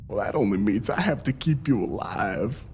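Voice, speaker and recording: A man playing a menacing, profane character at a tabletop game, shouting threats. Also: lowish voice, expressive, moderate pace, faint music behind. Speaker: player voicing the character Aldin. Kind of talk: tabletop role-play acting.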